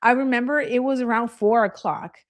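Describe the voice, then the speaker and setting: A woman's voice: fairly high pitch, brisk. A woman real estate agent giving a live training, telling candid stories in a chatty way and laughing easily.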